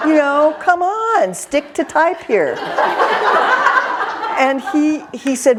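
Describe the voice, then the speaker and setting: A woman in her fifties, a career counselor, telling lively stories in an interview with an intense manner and frequent laughter. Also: high-pitched, slow pace, pauses often, heavy background noise. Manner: animated, laughing storyteller. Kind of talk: storytelling in an interview.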